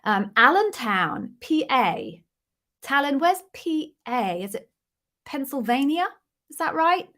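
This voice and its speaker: Middle-aged british woman with a cold, chatty and apologetic, bit higher voice, live stream from her home office. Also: very animated, takes it slowly, a bit bright. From Britain. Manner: chatty, apologetic, greets viewers by name. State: has a cold. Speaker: livestream host, former Amazon interviewer. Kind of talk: casual live-stream chat. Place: home office with sound-absorbing panels. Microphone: webcam live stream.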